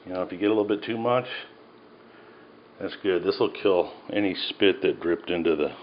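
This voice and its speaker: A man with a very low voice talks his way casually through a recipe in a home kitchen. He rambles and cracks self-mocking jokes. The sound is a little dull, with a faint hiss behind. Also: a little fast. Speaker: home cook. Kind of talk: casual cooking video.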